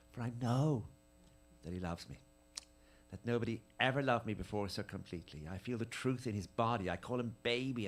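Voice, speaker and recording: A man giving a dramatic reading of letters at a live tribute event, with an intimate, measured, lingering delivery. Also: lowish voice.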